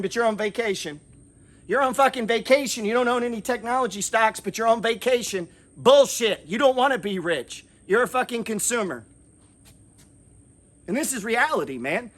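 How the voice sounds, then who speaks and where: A man's voice: high voice, fairly bright tone. A man hosting an investing channel, scolding his viewers in a fiery, profane, repetitive motivational rant.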